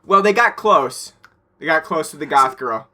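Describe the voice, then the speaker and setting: A man's voice: a little high, lively intonation, moderate pace, pushed and bright. A young man co-hosting a podcast, chatting casually, rambling with fillers and laughing often. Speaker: podcast co-host. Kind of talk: casual chat.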